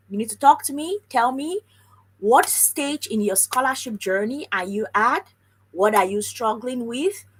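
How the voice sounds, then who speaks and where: Woman, live-stream host, breathy, lively and chatty, speaks straight to viewers. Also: mid-range voice, rough recording. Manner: chatty, animated, talks straight to viewers and reads comments aloud. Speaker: livestream host on scholarships. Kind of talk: casual live-stream chat.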